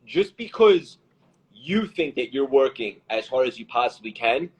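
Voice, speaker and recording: A man's voice: mid-range voice, big pitch swings, normal speed, husky, lo-fi sound. A man hosting a casual live video chat, introducing his guest with hyped, effusive praise. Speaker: podcast host.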